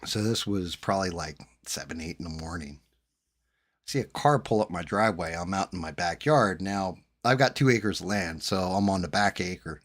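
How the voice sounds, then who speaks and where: Male streamer host, slightly low voice, salty, animated storyteller. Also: normal speed. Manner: profane, animated anecdote telling. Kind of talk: casual storytelling.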